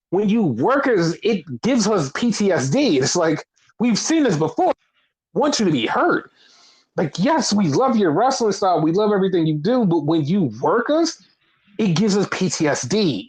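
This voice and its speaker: A man with a slightly high voice talks loosely on a wrestling podcast. He rambles, swears freely and acts out his own baffled reactions. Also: breathy edge, poor audio. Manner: rambling, swears often, animated retellings. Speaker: podcast co-host. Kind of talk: casual wrestling chat.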